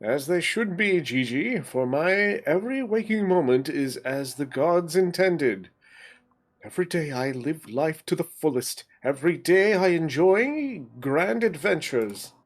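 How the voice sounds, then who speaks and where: A man voicing a pompous, flamboyant gentleman inspector, reading the lines in a grandiose, theatrical way. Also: on the high side, animated, measured pace.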